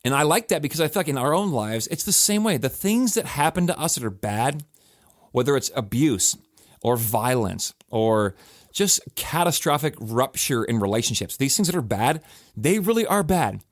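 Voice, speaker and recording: A man's voice: medium pitch, big pitch swings, normal speed, no room sound, studio quality. A male pastor reflecting on his sermon in a casual, earnest podcast talk, restarting phrases to stress his points. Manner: earnest and conversational, with emphatic restarts.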